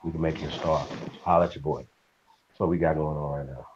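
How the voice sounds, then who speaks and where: A man's voice: a bass voice, steady tone, quick pace. A man hosting a casual livestream, greeting viewers by name in a slangy, upbeat way. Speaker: livestream host. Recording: dull lo-fi stream audio with faint noise.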